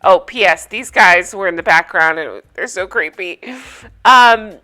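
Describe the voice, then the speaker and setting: A woman's voice: on the low side, unhurried, pushed and bright. A woman hosting a casual recap vlog, chatty and opinionated, sharing gossipy takes. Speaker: reality TV recap host.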